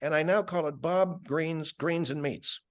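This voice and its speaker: A man's voice: fairly high pitch, measured pace, voice pushed up, close to an everyday voice. A man voicing a proud grocery store owner who explains how he came to run the business. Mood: boastful.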